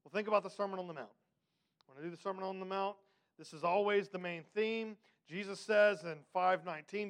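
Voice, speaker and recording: A man teaching a Bible study lesson, reading scripture slowly and putting questions to his class in an emphatic, conversational way. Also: high voice. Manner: reads scripture slowly and deliberately.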